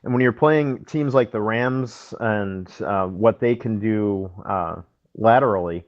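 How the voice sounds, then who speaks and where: Man, co-host, measured analysis, lower voice, muffled lo-fi sound. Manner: measured, thoughtful, with fillers. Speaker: podcast co-host. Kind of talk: casual sports analysis.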